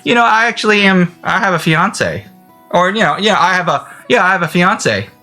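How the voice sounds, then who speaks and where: Vlogger, male, non-native English speaker; rambling, giggly delivery with a lively, bouncing pitch; faint music underneath. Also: moderate pace. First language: not English. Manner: giggly, rambling, laughs often. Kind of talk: rambling self-talk to camera.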